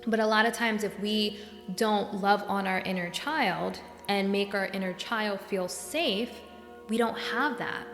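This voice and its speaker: A woman's voice: mid-range voice, unhurried, gravelly, faint music behind. Earnest woman podcaster in an echoey room. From New York. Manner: earnest, gets worked up and animated. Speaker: podcast host and coach. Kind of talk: solo podcast monologue. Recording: echoey room with long reverb.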